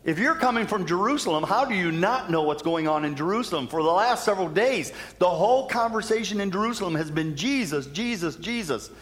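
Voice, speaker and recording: Exasperated disciples, done by a male preacher, high and disbelieving, in a church hall. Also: lively intonation, fairly quick, hardly any pauses, fairly bright tone. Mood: incredulous.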